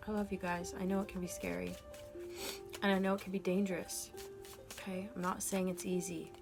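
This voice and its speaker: A woman's voice: on the low side, flat delivery, brisk, over music. Earnest woman giving a tarot reading. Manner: earnest, emotional and encouraging, speaking to viewers directly. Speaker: tarot reader.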